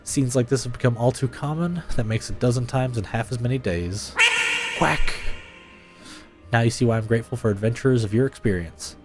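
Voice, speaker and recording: A man reading game dialogue aloud, playing a commander who speaks in a formal, measured way. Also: mid-range voice, music in the background, natural voice. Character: grateful commander dispatching adventurers.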